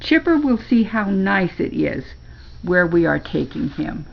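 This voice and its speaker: A smooth, manipulative male ruler from a storybook, drawing out each kindly word, as an older woman puts him on. The voice sits low and gravelly. It is heard on a slightly muffled recording. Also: very animated, unhurried, full character voice.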